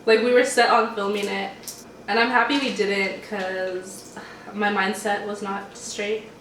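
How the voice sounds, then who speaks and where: A woman's voice: mid-range voice, level tone, a little slow, a bit bright, slight background noise. A young woman hosting a mukbang at home, chatting casually and rambling in a laid-back way while she eats. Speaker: mukbang host. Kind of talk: casual chat while eating. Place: home, eating at a table. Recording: roomy room sound from a distant mic.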